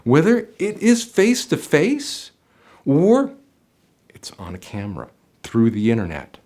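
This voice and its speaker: A man's voice: fairly high pitch, huge pitch swings, a little slow, darkish tone. A middle-aged man coaching job seekers straight to camera, emphatic and motivational, speaking directly to the viewer.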